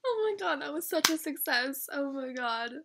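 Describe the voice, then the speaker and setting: A woman's voice: high voice, animated, normal speed, creaky, heavy background noise. A teenage girl vlogger chatting on a prank call, gushing and full of "like" and "oh my god". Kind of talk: casual phone chat.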